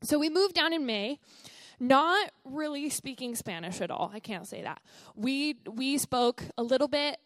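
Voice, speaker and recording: A woman's voice: high voice, expressive, a little slow, dry recording. Young woman missionary sharing an earnest testimony. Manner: chatty, earnest, with many fillers. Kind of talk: church testimony from the pulpit.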